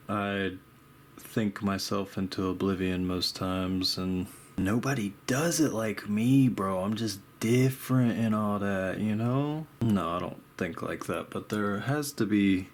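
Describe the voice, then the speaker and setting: A man's voice: low-pitched, a little hiss or hum. A young man chatting casually while he paints, laid-back and rambling, with a habit of saying dude and bro. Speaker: art vlogger.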